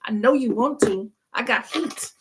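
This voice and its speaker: A woman's voice: fairly high pitch, a little slow, noisy background, lightly acted. A woman voicing a flirty talking foot massager. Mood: coaxing. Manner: coaxing, teasing.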